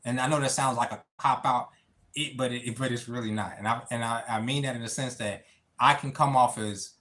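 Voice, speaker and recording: A man talks to viewers on a livestream in a bright, forceful voice held at a middling pitch. He is near tears, halting and repeating words, and he keeps calling the viewers y'all and bro. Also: steady tone. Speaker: livestream host. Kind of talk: emotional personal talk on a livestream.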